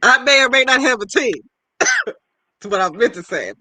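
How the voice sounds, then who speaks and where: A woman's voice: a little high, expressive, normal speed, bright, forceful tone, no room sound. Playful woman podcast host, dry sound. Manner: playful, joking, talks straight to listeners. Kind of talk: casual podcast chat.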